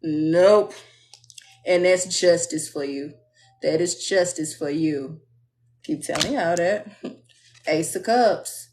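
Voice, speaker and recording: A young woman giving a live tarot reading in a blunt, sassy, preachy way, mimicking people in a high voice. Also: slow, pauses often, darkish tone, a little hiss or hum. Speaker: tarot reader.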